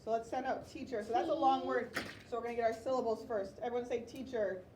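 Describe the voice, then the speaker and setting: Woman teacher, fairly high voice, slow sounding-out for little kids, roomy distant classroom recording with noise. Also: fairly even intonation. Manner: slow, sounding out words for young children. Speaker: elementary school teacher. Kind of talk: classroom writing lesson.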